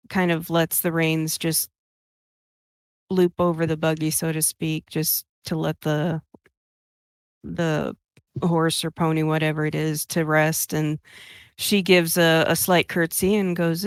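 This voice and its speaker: A woman player describing her character's actions in a tabletop game, halting with fillers. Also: low voice, level tone, clean tone, no room sound, studio quality.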